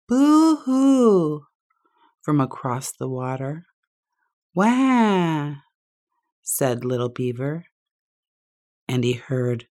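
A woman storyteller telling a children's tale slowly and expressively, with lots of repetition. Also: very deep voice, a little mellow.

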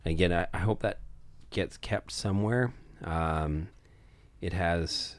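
A man's voice: low voice, unhurried, no echo. A man who runs tabletop games, chatting casually and earnestly with some hesitation. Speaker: podcast co-host, game master.

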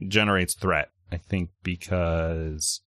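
Male game master, low pitch, stop-start delivery, dry mic. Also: fairly even intonation, a bit bright, dry recording. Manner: halting, many fillers and restarts. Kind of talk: narrating a tabletop game.

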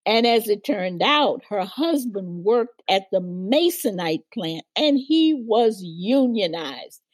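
With a medium-pitched, expressive voice and a slow pace, an older woman who once organized for civil rights recounts her past vividly as a guest in a storytelling interview. She acts out the people she quotes, and the recording is dry.

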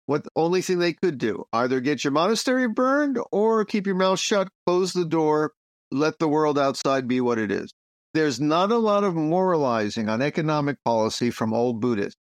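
Animated New man hosting a podcast. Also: fairly high pitch, normal speed, no echo, studio quality. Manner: animated, jokey storyteller. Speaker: podcast host and Zen teacher. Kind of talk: casual podcast discussion.

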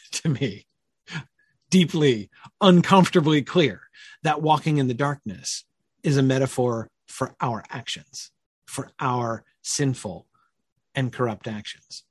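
A man teaching a Bible study in an easy, conversational way, often pausing with fillers and asking his listeners to confirm points. His voice is a little husky and sits at an ordinary middle pitch. The recording is dry and close. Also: no room sound. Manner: thinking aloud, many fillers and tag questions.

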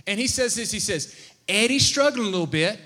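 A man preaching to his congregation, telling a story with animated energy and calling questions out to the crowd. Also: sits high, brisk. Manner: animated, calls out questions to the audience. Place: church sanctuary. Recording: long church-hall reverb.

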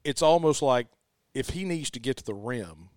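A man's voice: mid-range voice, expressive, normal speed, no echo, studio quality. Emphatic man hosting sports talk. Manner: emphatic, repeats "let me tell you". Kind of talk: casual sports chat.

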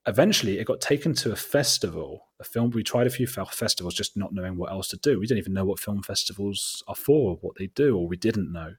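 A man's voice: fairly low pitch, fast talker, hardly any pauses, slightly rough. A man from England with an English accent, telling a long anecdote as an interview guest, full of fillers, asides and quoted remarks. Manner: animated, self-deprecating, many fillers and quoted asides. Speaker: documentary filmmaker, guest. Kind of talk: casual interview storytelling.

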